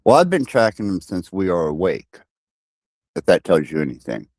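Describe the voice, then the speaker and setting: A man speaking as a guest in a casual online panel chat, halting and blunt, often repeating words. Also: sits low, big pitch swings, darkish tone, dry recording.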